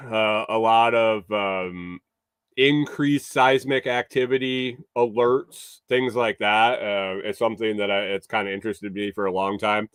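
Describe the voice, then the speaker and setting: Reading the news on his morning livestream, this host keeps veering into sarcastic, meandering tangents and occasional cursing. He has a fairly low, fairly bright voice that's clear and resonant, recorded without any room sound.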